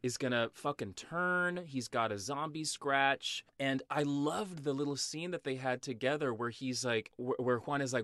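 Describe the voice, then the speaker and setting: A man's voice: mid-range voice, animated, normal speed, fairly bright tone, no room sound, studio quality. A man co-hosting a podcast, talking frankly and casually about a film, swearing and laughing easily. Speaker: podcast co-host.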